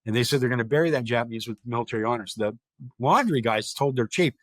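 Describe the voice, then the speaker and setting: A man's voice: mid-range voice, fast, a bit bright, no echo. A man speaking as a guest and telling a vivid, dramatic story, quoting people directly as he goes. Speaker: guest, historic park chief of staff.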